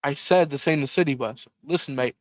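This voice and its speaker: A man's voice: a little high, brisk, dry recording, lightly acted. A curt, impatient bus driver, put on by a man reading a comic. He snaps short, blunt lines. Dry, slightly muffled recording. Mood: irritated. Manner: blunt, brusque.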